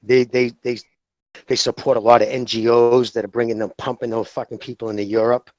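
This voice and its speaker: A man's voice: mid-range voice, level tone, fairly quick, a little mellow, no room sound, dull audio. A man co-hosting a podcast in casual chat, talking in a heated, profane, rambling way. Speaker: podcast co-host.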